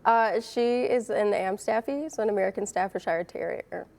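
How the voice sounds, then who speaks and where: A woman's voice: mid-range voice, normal speed, vocal fry, darkish tone. A woman joining a casual on-air chat with her coworkers. She sounds enthusiastic and giggles often. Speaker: TV station colleague.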